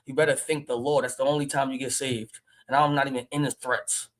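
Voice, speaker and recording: A man with a Philadelphia accent hosting a casual livestream, brash and loud, trash-talking and laughing often. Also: medium pitch, flat delivery, fairly quick, low-quality recording. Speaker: livestream host.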